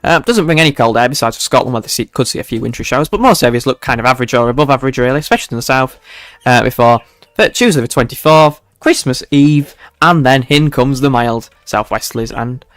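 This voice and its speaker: A man's voice: medium pitch, quick pace, a bit bright, dry recording. A young man hosting a casual livestream weather forecast, chatty and self-mocking, chuckling often as he talks to his viewers.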